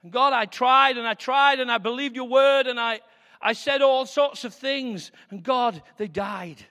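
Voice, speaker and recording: A male preacher delivers an impassioned sermon in a high, bright voice that swings from hushed prayer to loud declaration. His words ring out with a long reverb, as if in a large hall. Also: a little slow.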